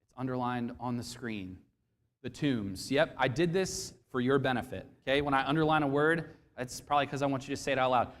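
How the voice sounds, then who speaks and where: A man preaching a sermon to a congregation, expressive and questioning, acting out quoted voices as he goes. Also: mid-range voice, brisk, in a large hall. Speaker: pastor. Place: church sanctuary.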